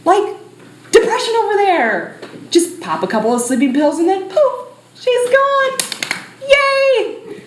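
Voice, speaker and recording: A woman's voice: very high-pitched, huge pitch swings, normal speed, darkish tone, roomy sound, voice pushed up, heavily acted. A woman on stage voicing a bubbly, crude valley-girl personification of a mental disorder, who swears casually and says "like" constantly. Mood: chirpy. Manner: chirpy, sassy, swears casually, lots of "like". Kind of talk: live stage monologue acting. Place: small theatre stage, indoors.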